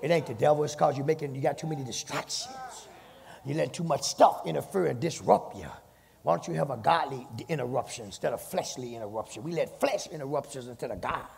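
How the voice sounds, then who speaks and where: A male pastor preaching a sermon, swinging from low talk to fervent shouted passages, recorded in a church. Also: lively intonation, fast talker, gravelly. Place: church sanctuary with long reverb. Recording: hall reverb.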